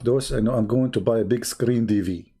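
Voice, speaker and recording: Brisk and warm with a slight roughness, this mid-range male voice belongs to an online debate host on a livestream. Speaking to his viewers, he mocks and taunts a critic with one rhetorical question after another.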